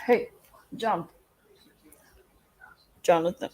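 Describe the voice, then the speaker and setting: A woman's voice: fairly low pitch, very slow, darkish tone, low-quality recording. A woman hosting a casual livestream chat, rambling through a story and talking straight to her viewers. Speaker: livestream host.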